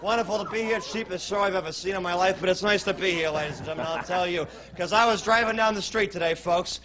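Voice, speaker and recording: A man doing a rapid-fire club comic routine, brash and loud, punching each joke with a shouted catchphrase in cheesy old-school showman patter. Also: high voice, crowd noise. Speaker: stand-up comedian guest. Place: TV studio stage before a live audience.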